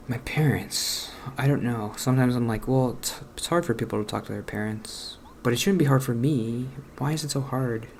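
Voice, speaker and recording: A man in his late twenties talking softly and haltingly over a video game, trailing off and questioning himself. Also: mid-range voice, slight background noise. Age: late 20s. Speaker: gaming channel host. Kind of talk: casual let's-play commentary with personal talk.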